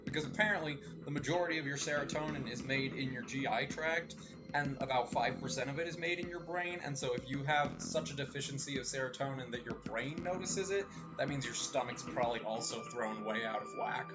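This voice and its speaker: A man's voice: medium pitch, brisk. A man casually commentating while streaming a visual novel, chatty and rambling with jokey complaints. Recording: slightly muffled stream audio with faint game music.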